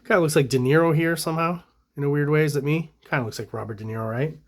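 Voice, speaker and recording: A Canadian man and comic artist giving relaxed, rambling commentary on comic art, with frequent fillers and restarts. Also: on the high side, quick pace.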